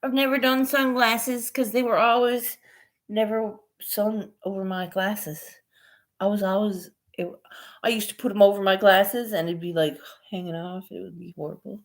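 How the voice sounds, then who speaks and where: A woman's voice: medium pitch, fairly even intonation, normal speed. A woman vlogger in casual chat, rambling and laughing often as she talks. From Newfoundland, Canada.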